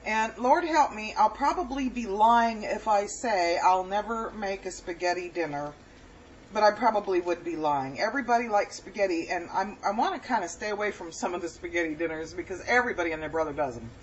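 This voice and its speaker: A woman's voice: medium pitch, a little fast, highs cut off, a little hiss or hum. A woman chatting casually in a home cooking vlog. She rambles as she tastes her food, with lots of pleased mm's. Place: home kitchen.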